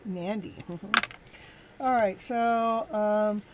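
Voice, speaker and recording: A woman hosting a live tarot reading, talking in a gentle, encouraging and halting way to her viewers. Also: mid-range voice, fairly even intonation, noisy background. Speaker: tarot reader and show host.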